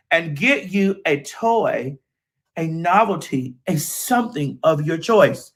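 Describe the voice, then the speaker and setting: A man's voice: fairly high pitch, lively intonation, slow. A man reading a sponsor spot in a sassy, teasing, emphatic way. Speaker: sponsor read announcer. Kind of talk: playful ad read.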